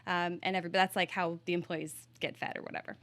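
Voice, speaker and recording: A woman from Virginia hosting a casual interview, chatty and animated, laughing easily as she tells stories. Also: lowish voice, fast. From Virginia, USA. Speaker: podcast host.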